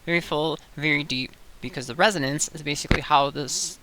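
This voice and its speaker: A young woman giving a casual voice-training tutorial, chatty and loose, with fillers and quick self-corrections. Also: low-pitched, fairly bright tone. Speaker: voice coach. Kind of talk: casual tutorial talk to camera. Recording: faint hiss.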